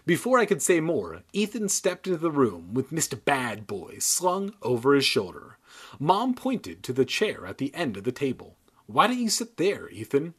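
A man reads a children's novel aloud with a husky, grainy voice, sliding over a wide pitch range. He keeps stopping for crude, irreverent jokes between passages. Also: huge pitch swings, moderate pace. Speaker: comedic reader. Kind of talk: comedic book reading with riffs. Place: San Diego.

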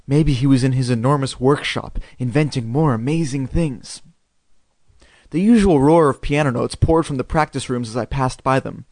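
A man reading a spooky children's storybook aloud, in an expressive, dramatic way. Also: medium pitch, moderate pace, dry recording, studio quality. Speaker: reader.

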